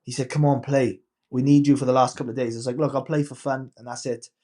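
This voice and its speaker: A man's voice: mid-range voice, little pitch movement, quick pace, warm tone. A man in his thirties, a podcast guest and coach, casually telling a personal story and acting out the quoted dialogue.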